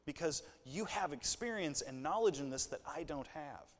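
A man's voice: a little high, animated, normal speed, long reverb tail. A man preaching a sermon in a conversational way, with asides and light jokes. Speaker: pastor.

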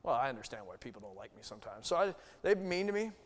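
A male pastor preaching a sermon, swinging from loud bursts to hushed asides. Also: medium pitch, big pitch swings, quick pace. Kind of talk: sermon teaching. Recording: long hall reverb.

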